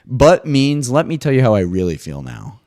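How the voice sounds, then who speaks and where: A man hosting a casual solo podcast monologue, swearing freely and jumping into high mock voices now and then. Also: huge pitch swings, moderate pace, darkish tone, no echo, clean studio sound. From US East Coast. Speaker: podcast host.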